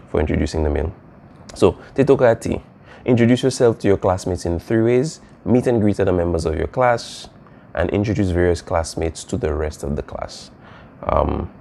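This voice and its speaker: In a recorded classroom lesson, a man with a low, dark voice and vocal fry teaches Spanish casually, filling his explanations with fillers and checking in with "all right?" There's slight background noise.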